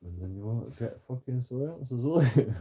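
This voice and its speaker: A man's voice: medium pitch, expressive, moderate pace, mellow, breathy edge. A man telling a story in a casual vlog, rambling and mocking, swearing freely and chuckling often. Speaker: channel host.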